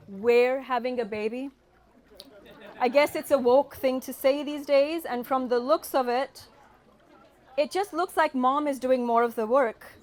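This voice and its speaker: High-voiced wry British woman comedian. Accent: British with a slight Californian tinge. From United Kingdom. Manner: wry, punchline-driven storytelling. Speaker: stand-up comedian. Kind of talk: stand-up comedy set.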